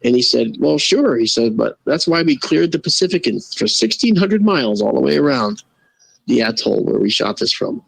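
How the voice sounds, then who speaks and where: A man guest telling a casual, animated story and acting out the quoted voices. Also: mid-range voice, moderate pace, creaky, husky, no echo, rough recording. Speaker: guest, astronomer and photo-video analyst.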